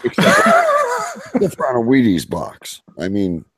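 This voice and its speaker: A man's voice: mid-range voice, huge pitch swings, a little slow, fairly bright tone, husky, no echo, clean studio sound. A Canadian man on a livestream podcast as a guest, chatting casually in a joking, self-deprecating way.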